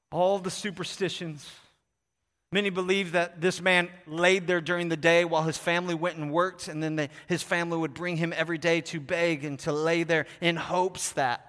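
A man preaching a sermon, swinging from hushed to loud and emphatic, joking with the congregation. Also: a little high, flat delivery, moderate pace. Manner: jokes with the congregation. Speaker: pastor. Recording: long hall reverb.

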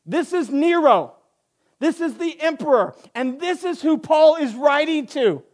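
A man pastor preaching a sermon in a church, moving from quiet prayer to impassioned teaching. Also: very high voice, lively intonation, measured pace. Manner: prays softly, then preaches with rising intensity. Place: church sanctuary.

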